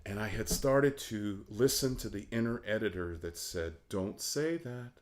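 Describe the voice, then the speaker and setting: A middle-aged opera baritone, a guest in a casual interview, tells animated stories, voicing the people in them and laughing often. His voice is on the low side at a normal speed.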